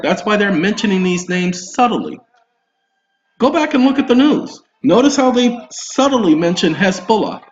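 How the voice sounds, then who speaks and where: A man speaks straight to his viewers in a rambling, emphatic monologue. His voice sits a little high. The sound is roomy and a bit dull, like a home recording. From Southern US roots. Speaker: video host. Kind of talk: casual monologue to camera.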